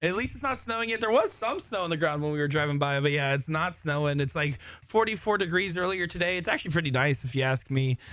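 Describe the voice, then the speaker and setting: A man's voice: on the high side, lively intonation, fast, few pauses, fairly bright tone, dry recording. Chatty man commentating live darts. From Florida. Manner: chatty, joking, self-deprecating. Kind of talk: live solo sports commentary and chat. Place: busy tournament room, indoors.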